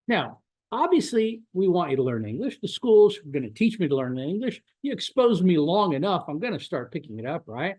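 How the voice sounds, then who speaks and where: A man giving a lecture to teachers as a professor, animated and full of rhetorical questions. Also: high voice, normal speed, no room sound.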